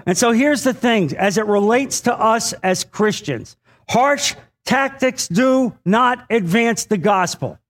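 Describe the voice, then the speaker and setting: A man, a Bible teacher, preaching a sermon in an animated way, with frequent fillers and acted-out voices of the people in his stories. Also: sits high. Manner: animated, acts out quoted voices, many fillers. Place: church or meeting hall.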